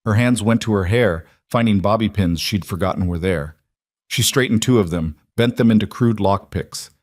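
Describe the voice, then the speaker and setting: A man reads a scripted drama story in a low voice, slow and dramatic. The recording is dry and close, with no room sound. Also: no echo. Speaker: narrator.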